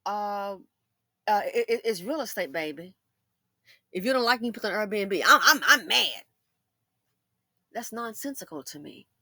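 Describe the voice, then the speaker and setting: A woman hosting a casual commentary monologue, animated and sassy, acting out imagined conversations in shifting voices. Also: mid-range voice, moderate pace, dry recording. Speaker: commentary channel host.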